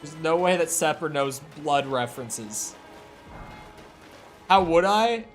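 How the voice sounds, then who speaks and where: A man's voice: on the high side, lively intonation, slow pace, faint music behind. A man chatting casually with viewers during a live gaming stream, rambling and swearing freely. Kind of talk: casual live-stream chat while playing.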